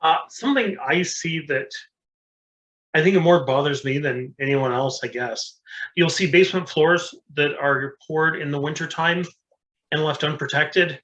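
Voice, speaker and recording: A man's voice: a little high, measured pace, fairly bright tone, low-quality recording. A man co-hosting a casual engineering discussion, talking plainly and practically with some fillers. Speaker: co-host.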